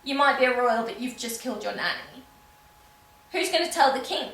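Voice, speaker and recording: A woman's voice: fairly high pitch, expressive, a little fast, a bit bright. A woman giving a casual, sarcastic recap of a film's plot as a reviewer. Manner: wry, sarcastic asides. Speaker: film reviewer. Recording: echoey room with faint background hum.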